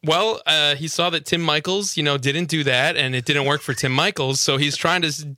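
Man, radio co-host, very bright tense tone, dry studio, casual explaining. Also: a little high, moderate pace, dry recording. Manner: explains at length, many fillers and restarts. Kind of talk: casual political radio talk. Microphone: studio microphone.

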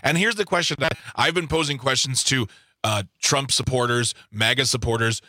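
A man's voice: medium pitch, moderate pace, sharp tone, no echo. A man co-hosting a political talk show, putting pointed questions in an earnest way. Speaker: co-host.

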